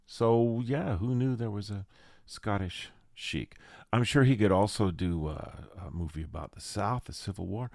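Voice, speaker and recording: A man's voice: fairly low pitch, unhurried, vocal fry, darkish tone, no room sound, studio quality. A man hosting a podcast as a casual monologue, playful and rambling with jokey asides. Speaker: podcast host and jazz arranger.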